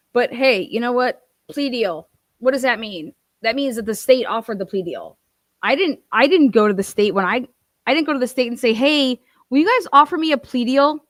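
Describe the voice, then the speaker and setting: A woman's voice: a little high, no room sound, studio quality. A woman hosting a commentary channel, ranting in a profane, combative way and acting out other people's voices. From Ohio.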